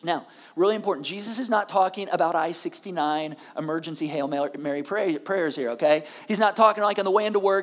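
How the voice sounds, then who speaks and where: A woman's voice: lowish voice, fast talker, hardly any pauses, big-room sound. A woman pastor preaching a sermon on a church stage, talking in a conversational way with frequent check-ins to the listeners.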